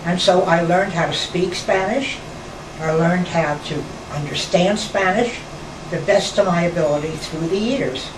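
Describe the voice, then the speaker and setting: A woman in her nineties from New York, reminiscing slowly in a rambling conversation with pauses and restarts. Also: fairly low pitch. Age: 90s. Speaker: interviewee, former nightclub performer. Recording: roomy, distant mic, air-conditioner hum.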